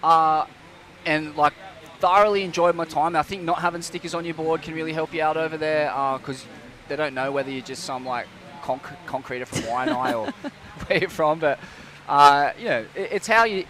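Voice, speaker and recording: A man's voice: a little high, moderate pace, fairly bright tone. A young man commentating a surf event, laid-back and rambling, calling people mate. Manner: laid-back, rambling, many fillers and restarts, says mate. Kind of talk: casual chat. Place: outdoors at a beach event.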